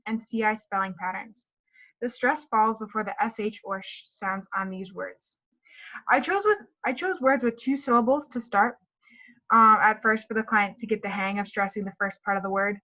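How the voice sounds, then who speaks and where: A woman's voice: fairly high pitch, a bit bright, dull audio. A woman presenting a speech therapy session in a recorded class talk, explaining and modeling word stress aloud.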